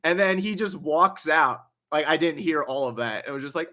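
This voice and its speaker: A man's voice: fairly high pitch, lively intonation, normal speed, hardly any pauses, fairly bright tone. A young man hosting a casual livestream Q&A, reading donations aloud and chatting with a laugh in his stories. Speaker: livestream host.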